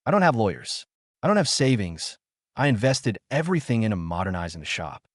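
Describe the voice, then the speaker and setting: A man's voice: on the low side, very animated, brisk, no room sound, clean studio sound. A man narrating a scripted first-person story in a bitter, emotional, dramatic way.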